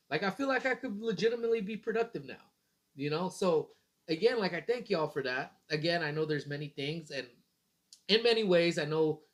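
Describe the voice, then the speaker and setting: A man's voice: fairly high pitch, a bit bright. A man in his thirties hosting a casual morning livestream, rambling in a laid-back way and swearing casually. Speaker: livestream host.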